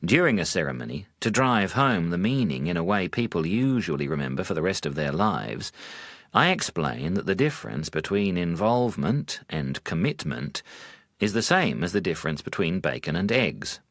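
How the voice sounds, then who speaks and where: Deep voiced monk telling funny little stories, very up and down delivery, dry close sound. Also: male voice, big pitch swings, fairly bright tone, no echo. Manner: dry humor, measured. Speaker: Buddhist monk. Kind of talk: storytelling talk.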